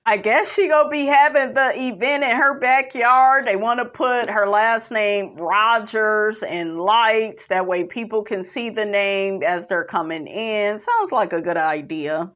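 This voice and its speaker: A woman hosting a podcast, recapping in a sassy, animated way, laughing often and calling listeners "honey". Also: medium pitch. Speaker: podcast host recapping a reality show. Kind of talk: casual recap chat. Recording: dull lo-fi recording.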